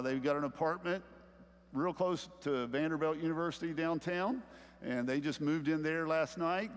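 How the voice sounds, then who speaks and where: A middle-aged man preaching a sermon as pastor, building to loud emphatic points and checking in with "okay?". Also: fairly high pitch, long reverb tail. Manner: animated preaching, rising louder on key points, frequent "okay?" check-ins. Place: church sanctuary.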